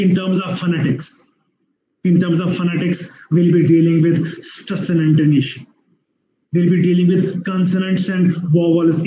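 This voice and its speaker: High-voiced lecturer, mellow, echoey room. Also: male voice, muffled recording, slight background noise. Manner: explanatory, repeats phrases, many restarts; drawn-out spoken examples. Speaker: university English lecturer. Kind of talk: online webinar lecture. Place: room, online webinar.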